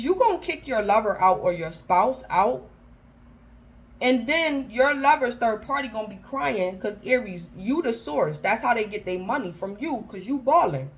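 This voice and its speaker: A woman with a voice on the high side does a chatty tarot reading, speaking informally and slangily, restarting often, and repeatedly naming her listener's star sign. The recording is rough.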